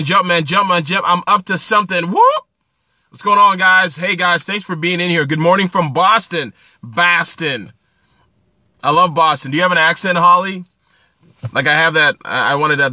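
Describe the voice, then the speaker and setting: A man's voice: a little high, sharp tone, no echo. A man from New Jersey hosting a casual phone livestream, greeting viewers by name in an upbeat, coaching way. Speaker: livestream host.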